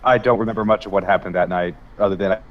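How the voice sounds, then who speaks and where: A man's voice: low-pitched, fairly even intonation, very fast, dull audio, close to an everyday voice. A man voicing a sheepish, hungover male adventurer who rambles apologetically in a tabletop game.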